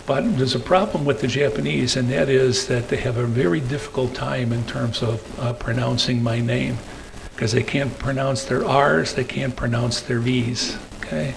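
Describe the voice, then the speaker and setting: Older man with a gravelly voice. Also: mid-range voice, steady tone, moderate pace, slight background noise, low-quality recording. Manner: rambling, peppers sentences with "okay?"; hesitant fillers between phrases. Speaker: guest speaker. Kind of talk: anecdotal storytelling talk.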